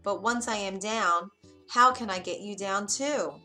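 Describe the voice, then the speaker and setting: A woman voicing a gentle young prince in a storybook reading, earnest and reassuring. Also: mid-range voice, a little slow, faint music behind. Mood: kind. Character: gentle young male prince, curious and kind.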